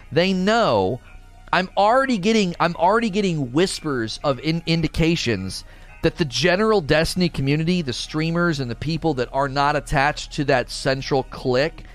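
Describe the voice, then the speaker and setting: A young man rants on his livestream with fired-up indignation, his voice swinging up and down. It sits a bit high for a man, and soft music plays faintly underneath. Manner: animated, indignant ranting with mocking quoted voices. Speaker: streamer. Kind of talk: casual livestream rant.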